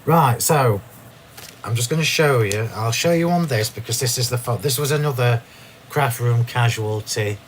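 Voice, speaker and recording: A man hosting a live crafting demonstration from his craft room, chatty and quick to laugh at himself as he explains. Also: medium pitch, a little hiss or hum. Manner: chatty, self-laughing, restarts sentences. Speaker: craft demo host.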